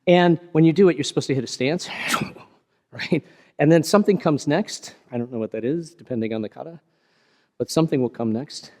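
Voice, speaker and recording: Karate teacher in an echoing dojo. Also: male voice, a little high, fairly quick, darkish tone. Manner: explanatory, chatty, self-deprecating with laughs. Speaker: karate instructor. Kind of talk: hands-on martial arts teaching. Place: large karate dojo with a partner. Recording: long hall reverb.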